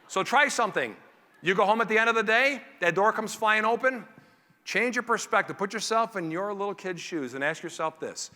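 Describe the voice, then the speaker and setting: A man giving a motivational keynote speech to a conference audience, acting out family scenes in quick character voices. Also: high voice, bright, forceful tone. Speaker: keynote speaker. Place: large conference hall. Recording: reverberant hall.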